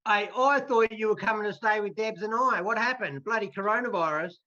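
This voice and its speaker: A man's voice: high voice, fairly quick, bright, forceful tone. A man from Tasmania with an Australian accent, calling in to tease the guest with playful questions over a video call. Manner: teasing, playful. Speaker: caller. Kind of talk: joking call-in chat. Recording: dull lo-fi call audio with faint noise.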